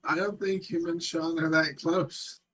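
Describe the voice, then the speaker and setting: A young man in casual watch-along chat with a slightly high voice. He rambles and hesitates, filling gaps with ums and uhs. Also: steady tone, unhurried, fairly bright tone, low-quality recording. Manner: rambling, hesitant, lots of fillers. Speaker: co-host.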